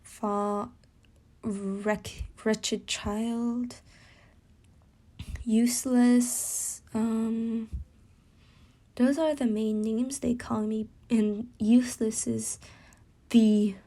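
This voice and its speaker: A woman voicing a mistreated young shrine maiden girl who speaks softly and haltingly. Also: fairly high pitch, little pitch movement. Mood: subdued.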